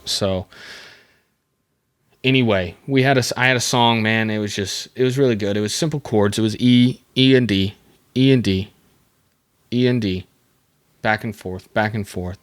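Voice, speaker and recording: A young man with a fairly low voice talks through a casual solo podcast episode, halting and restarting often as he rambles. He chuckles at his own stories now and then. The sound is dry and close, with no room around it. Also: clean tone, no echo. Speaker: podcast host.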